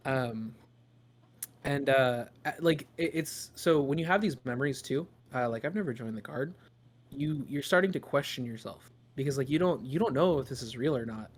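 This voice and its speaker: A man narrating a tabletop game as game master, halting with lots of ums and restarts. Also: medium pitch. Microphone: podcast microphone.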